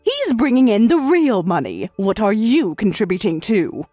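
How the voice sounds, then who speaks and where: A woman's voice: medium pitch, big pitch swings, moderate pace, warm tone, no room sound, soft background music. A synthetic woman's voice reading a domineering older mother-in-law who lectures and scolds. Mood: scolding. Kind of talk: text-to-speech story reading.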